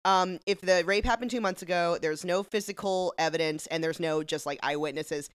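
A woman co-hosting a casual podcast recap, playful and jokey, slipping into quick impressions of characters. Her voice sits a little low for a woman and sounds dry and close to the mic. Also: clean tone, dry recording. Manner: playful, jokey, acts out lines in quotes. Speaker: podcast co-host.

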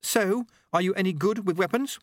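A man reading an audiobook, voicing a fierce, sharp-tongued young woman who gives curt commands. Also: sits high, moderate pace, no room sound, studio quality, pitched above the performer's own voice, lightly acted. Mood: curt, commanding.

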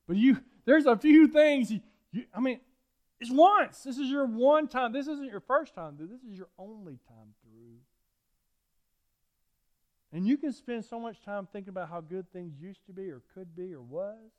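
A middle-aged preacher with a notably high voice. He tells folksy, animated stories from the pulpit, circling back to repeat his points. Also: moderate pace. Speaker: pastor. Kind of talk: sermon.

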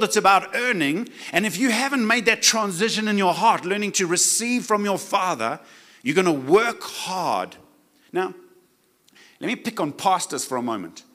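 A man's voice: sits high, expressive, normal speed, sharp tone. A man preaching a sermon, emphatic, stopping to have the congregation repeat key words back to him.

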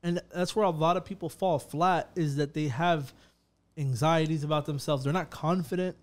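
A man co-hosting a podcast in loose, emphatic chat, swearing freely and calling everyone "bro". His voice sits a bit higher than most men's. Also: steady tone, moderate pace. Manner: emphatic, profane, keeps saying "bro". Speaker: podcast co-host.

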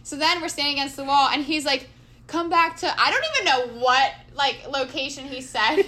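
A young woman in her twenties telling a funny story in casual chat, animated and often laughing. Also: high-pitched, a little fast.

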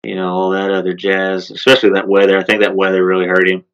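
A man co-hosting a podcast, talking sports in a relaxed, rambling way with lots of fillers. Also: low voice, quick pace, clean tone, dull audio. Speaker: podcast co-host. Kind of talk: casual sports chat.

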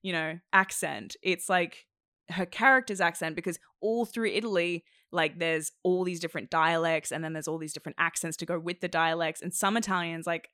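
A woman's voice: fairly low pitch, normal speed, bright, forceful tone, no echo, studio quality. A woman chatting casually about films, rambling with lots of fillers. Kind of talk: casual chat.

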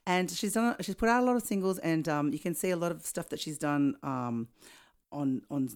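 Aussie woman co-host, middle-aged, low voice, giggly and scattered. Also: moderate pace. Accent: Australian. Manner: giggly, rambling, loses her place. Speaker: podcast co-host and singer. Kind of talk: casual podcast chat.

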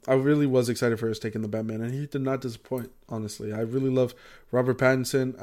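A man co-hosting a podcast in casual chat, rambling with many fillers and freely swearing. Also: medium pitch. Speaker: podcast co-host.

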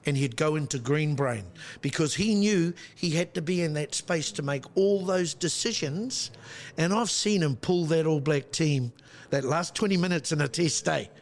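A man's voice: fairly high pitch, normal speed. A middle-aged man from New Zealand with a Māori English accent, telling stories in a casual podcast chat and acting out voices. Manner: storytelling, acts out voices. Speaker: guest.

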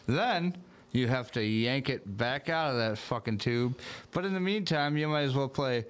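A man's voice: medium pitch, animated, moderate pace, clear, resonant tone. Guy cohosting a podcast, crude jokey banter, cusses a lot, wanders off topic. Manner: profane, joking, meandering. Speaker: podcast co-host.

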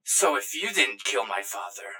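A man's voice: fairly low pitch, very animated, moderate pace, noisy background, voice pushed down. A man voicing a sad, polite male hologram in a tabletop game, hesitant and trailing off. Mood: uneasy.

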